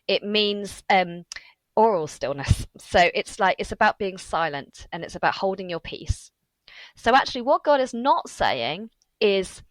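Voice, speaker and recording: Lively woman author telling a story. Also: mid-range voice, measured pace, no echo, low-quality recording. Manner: animated storytelling with laughs and asides. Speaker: author guest. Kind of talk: podcast interview.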